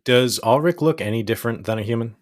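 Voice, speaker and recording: A man narrating as game master in a casual, relaxed way. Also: medium pitch, quick pace.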